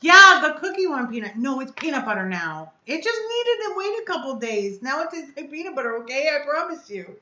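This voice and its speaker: A woman's voice: high-pitched, sing-song, fairly quick, few pauses, bright, forceful tone, reverberant, muffled recording. A woman hosting a casual live stream, chatting effusively and answering her viewers' comments aloud. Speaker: vape reviewer hosting a live chat.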